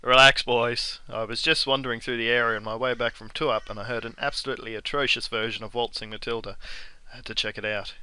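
A man playing an easygoing local man wandering through the outback, relaxed and dryly teasing, with an Australian accent. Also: mid-range voice, fast, smooth, dry recording, low-quality recording.

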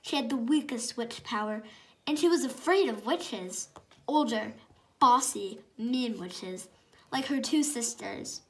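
A woman's voice: a little high, expressive, measured pace. Friendly woman reading a picture book aloud. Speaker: storytime co-host.

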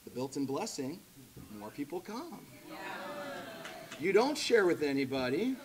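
A man preaching a sermon in a church, animated and conversational, rising to loud emphatic peaks. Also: sits high, normal speed, pauses often, crowd noise. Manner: conversational asides with laughter. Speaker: pastor.

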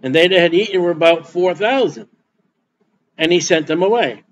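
A man's voice: high voice, animated, moderate pace, lo-fi sound, a little hiss or hum. A man preaching a sermon as pastor, folksy and repetitive, reading scripture aloud between his comments. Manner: folksy preaching with repeated words and Bible reading.

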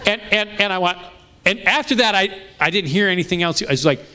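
Animated middle-aged male pastor preaching. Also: high voice, fairly quick, smooth. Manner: animated, conversational, with frequent restarts. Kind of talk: storytelling sermon. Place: church sanctuary.

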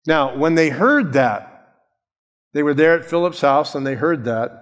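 A man, a pastor, preaching a sermon in a conversational, animated way that acts out the people he quotes. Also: on the high side, a little slow. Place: church sanctuary. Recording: long reverb of a church hall.

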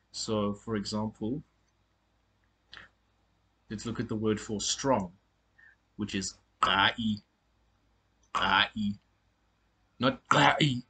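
Man, language teacher, husky and lowish voice, halting self-correcting delivery, informal lesson. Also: a bit bright. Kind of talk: casual spoken lesson on pronunciation.

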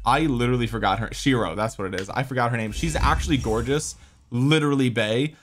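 A man's voice: medium pitch, fast, slight background noise. A young man giving gameplay commentary, with exasperated, joking rants at the game. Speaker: gaming content creator.

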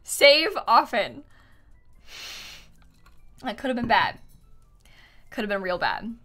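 A woman's voice: mid-range voice, expressive, moderate pace, fairly bright tone, soft background music. A young woman chatting casually and giggling often as she streams herself playing a game. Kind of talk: casual live-stream chat while playing.

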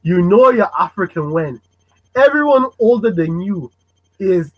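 A man hosting a casual podcast chat, animated and fond of acting out parents' voices. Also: high-pitched, unhurried, low-quality recording. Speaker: podcast host.

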